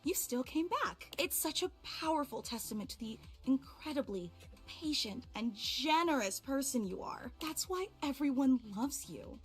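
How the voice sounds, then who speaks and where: A woman's voice: high-pitched, expressive, normal speed, hardly any pauses, breathy edge, faint music behind. A woman voicing a clingy, overemotional female fan in a game, gushing and tearful. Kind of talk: game voice acting.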